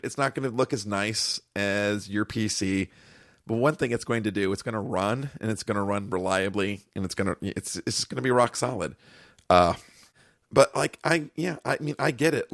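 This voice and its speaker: Easygoing low-voiced man, dry sound. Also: a bit bright, dry recording. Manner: easygoing, filler-heavy, reassuring. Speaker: podcast co-host. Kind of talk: casual chat.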